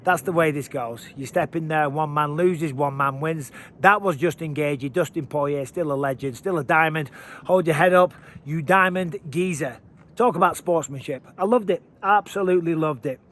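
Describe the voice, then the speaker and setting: A man giving casual, energetic fight commentary while walking outdoors, out of breath. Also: on the high side, moderate pace. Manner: energetic, chatty, emphatic. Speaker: MMA commentator. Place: outdoors by water at high elevation.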